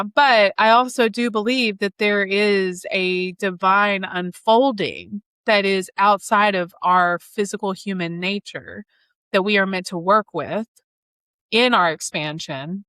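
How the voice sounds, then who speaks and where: A woman in her thirties, an astrologer and podcast host, leads an astrology reading as a casual spiritual conversation, speaking enthusiastically and fluidly with spiritual wording. Her medium-pitched voice is a bit bright and smooth, with no room sound.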